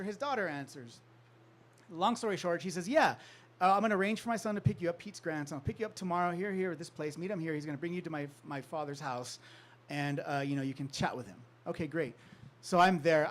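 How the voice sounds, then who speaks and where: A man from California telling a long anecdote to a live audience, animated, acting out the people he quotes and laughing often. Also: high-pitched. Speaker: author giving a talk. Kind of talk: storytelling talk to an audience.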